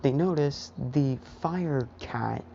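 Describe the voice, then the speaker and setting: A woman narrates a fan what-if story in a casual, rambling way, full of fillers. Her voice is very deep and unhurried. The recording is dull and lo-fi with a faint hiss. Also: vocal fry.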